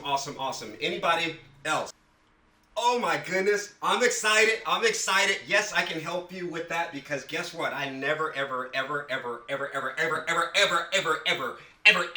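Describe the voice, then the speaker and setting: Emphatic male writing instructor, higher voice, casual class talk, echoey room mic. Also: lively intonation, fairly quick, pushed and bright, distant mic. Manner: emphatic, repeats words for stress.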